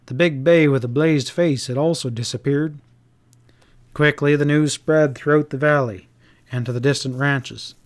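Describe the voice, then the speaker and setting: A man narrating a classic western audiobook with a steady, measured reading. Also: a little high. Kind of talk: scripted narration.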